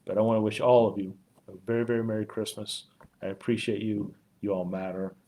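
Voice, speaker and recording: A man, a police chief, talking warmly and haltingly on a live community stream, choked up at times and full of fillers. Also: fairly low pitch, level tone. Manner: heartfelt, rambling, frequent fillers. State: choked up with emotion.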